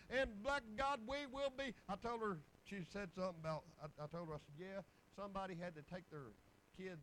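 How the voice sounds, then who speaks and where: A man's voice: sits high, fairly bright tone, slight background noise, rough recording. A man, preaching in a folksy storytelling way with bursts of exclamation. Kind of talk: sermon testimony.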